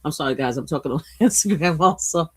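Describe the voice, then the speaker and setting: A woman from Brooklyn hosting a casual political livestream, blunt and profane, swinging between loud outbursts and quiet asides. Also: sits low, animated, fairly quick, husky. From Brooklyn, USA. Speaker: livestream host. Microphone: streaming mic.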